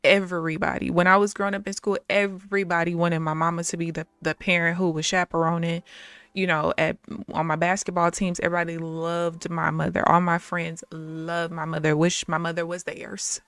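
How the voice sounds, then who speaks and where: A woman telling stories on a live stream, animated and blunt, laughing often and swearing freely. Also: lowish voice, brisk, smooth, no echo. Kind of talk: casual storytelling on a live stream.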